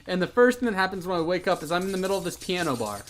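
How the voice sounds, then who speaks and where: A man's voice: high voice, big pitch swings, very fast. A man co-hosting a Let's Play, casually telling a story and laughing as he goes. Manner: laughs through his storytelling. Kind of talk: casual chat while gaming.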